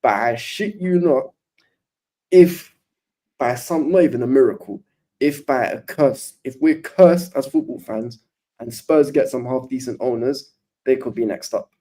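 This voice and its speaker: A man's voice: mid-range voice, unhurried, warm tone. A man on a football panel who makes his point emphatically and swears freely. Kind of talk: casual football chat.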